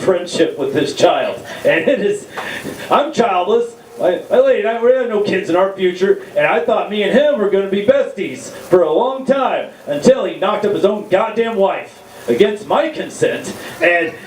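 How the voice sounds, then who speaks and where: High-voiced comic in an echoey room. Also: male voice, far from the mic, slight background noise. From Texas. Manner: crude, rambling, self-mocking. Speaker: stand-up comedian. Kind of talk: stand-up set. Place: comedy venue, live room. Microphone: stage mic.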